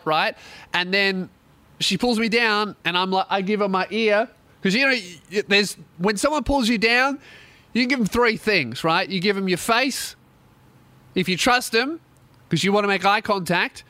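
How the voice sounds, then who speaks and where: A man's voice: sits high, pushed and bright, no echo. A young man telling a profane comic story, laughing often. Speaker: comedian host.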